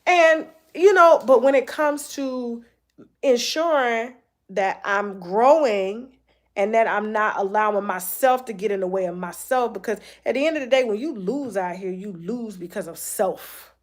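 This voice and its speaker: A woman's voice: a little high, unhurried. A woman hosting a gossip show, talking candidly in a blunt, heavily profane way and repeating phrases for emphasis. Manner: repeats phrases and restarts often. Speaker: host of a celebrity gossip show. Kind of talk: candid personal monologue.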